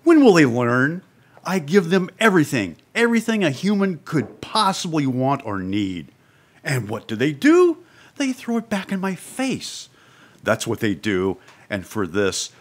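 A man's voice: low-pitched, measured pace, a bit bright, voice pushed down. A man voicing a pompous, self-important male producer who is composed but annoyed. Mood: exasperated. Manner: grandiose, builds from composed to annoyed.

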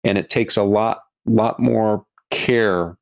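A middle-aged man, a documentary filmmaker as a podcast guest, talking earnestly and haltingly, often restarting and repeating words. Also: lowish voice, fairly even intonation, vocal fry. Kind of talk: podcast interview.

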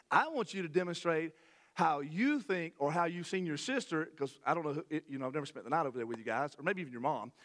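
Pastor guy preaching, kinda high voice, folksy and animated, keeps restarting his sentences. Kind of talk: sermon. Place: church sanctuary.

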